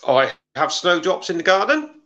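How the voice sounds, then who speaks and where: A man's voice: high-pitched, big pitch swings, normal speed, fairly bright tone. A man chatting casually as a guest, dry and understated. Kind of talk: casual chat.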